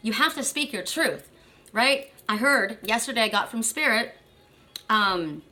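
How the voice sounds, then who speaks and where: A woman's voice: fairly high pitch, lively intonation, a little slow, sharp tone. A woman giving a spiritual card reading, speaking emphatically, repeating phrases and often checking in with "right?". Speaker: oracle card reader.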